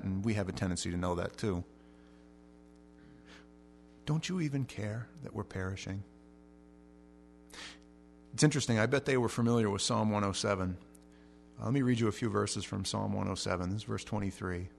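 Animated male pastor preaching. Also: quick pace, gravelly, slight background noise. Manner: animated storytelling with big swings in pitch and loudness; repeats words when starting sentences. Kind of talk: sermon.

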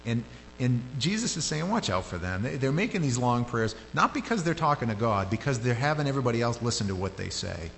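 A man preaching a sermon in a loose, conversational way. His voice jumps up sharply when he gets animated. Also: medium pitch, brisk, gravelly, hardly any pauses. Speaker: pastor. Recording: hall reverb with faint hum.

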